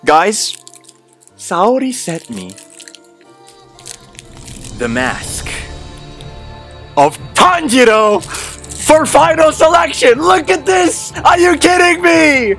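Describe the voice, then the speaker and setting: A man hosting an excited unboxing vlog, gushing and exclaiming, repeating his thanks again and again. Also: very high-pitched, takes it slowly, vocal fry, pauses often, faint music behind. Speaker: unboxing host.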